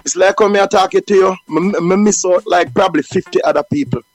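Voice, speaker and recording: A man with a Jamaican accent, a reggae deejay telling stories in an interview, lively and acting out voices. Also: high-pitched, quick pace, no room sound, low-quality recording. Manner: animated, acts out quoted voices. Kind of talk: storytelling interview.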